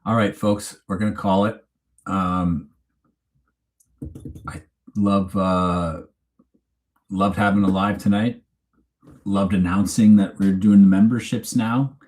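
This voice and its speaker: A man with a fairly low voice talks casually to his live-stream audience. He rambles, loses the thread and restarts his sentences in an easy, chatty way. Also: fairly even intonation, slow pace, long pauses, a little mellow. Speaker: host of a true crime channel. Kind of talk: casual live-stream chat, reading viewer comments. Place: home.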